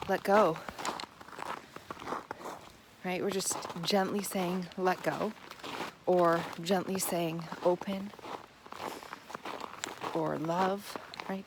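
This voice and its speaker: A woman giving earnest, encouraging self-help advice to the camera as a healing coach, repeating phrases for emphasis and softening into a gentle, hushed voice for affirmations. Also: mid-range voice, background noise.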